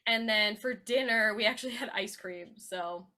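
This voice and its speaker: Bright-voiced woman chatting. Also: mid-range voice, normal speed. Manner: chatty, many fillers, laughs often. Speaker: podcast co-host. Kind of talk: casual chat.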